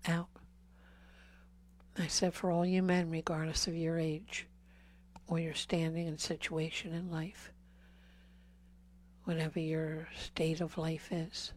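Woman, earnest lay preacher, slow measured delivery, low flat voice, whispered emphasis. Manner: slow and earnest, drops to whispers on key words; pleading repeated questions. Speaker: speaker at a healing service. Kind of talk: Catholic talk to a congregation.

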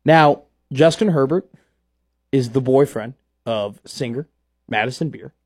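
A man hosting a casual sports talk show, rambling playfully and getting animated about his team. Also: mid-range voice, a little slow, husky.

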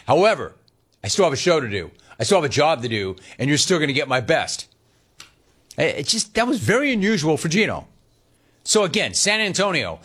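A man hosting a sports talk radio show, teasing callers in an animated way. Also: on the high side. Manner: animated, mock-serene teasing. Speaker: radio host.

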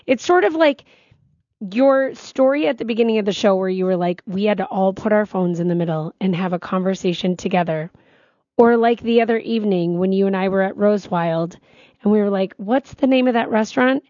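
A chatty woman co-host telling stories with an easy, lively flow. Her voice is dry and close, with a slightly dull, muffled tone. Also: medium pitch, fairly quick, no room sound. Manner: chatty, storytelling, animated. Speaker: radio co-host. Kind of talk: casual on-air chat.

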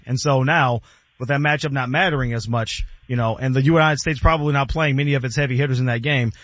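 A man's voice: mid-range voice, a bit bright, no echo. A man hosting a sports talk radio show, chatting casually with callers. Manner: chatty, conversational, hedging. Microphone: studio microphone. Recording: dry studio, slightly dull.

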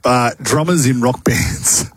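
A man's voice: mid-range voice, slow, a little hiss or hum. A man co-hosting a radio show, teasing and joking with the others. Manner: jokey, teasing. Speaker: radio co-host. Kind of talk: casual radio banter.

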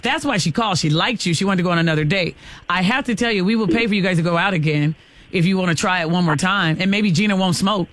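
A man hosting morning radio in a fairly high voice. He teases his callers in a lively, fast patter. His talk is casual banter. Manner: lively, teasing, quick-talking. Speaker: radio morning show host.

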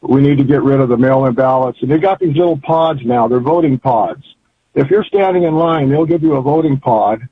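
Calling a radio program, an older man talks in a wandering, down-home and forceful manner through a phone connection. He has a medium-pitched, brisk voice, and the line carries a little hiss or hum.

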